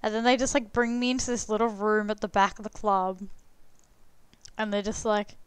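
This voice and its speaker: A woman's voice: mid-range voice, little pitch movement, moderate pace, smooth, no room sound. A young adult woman streamer telling a story casually while playing a game, chatty and swearing freely, full of "like" fillers.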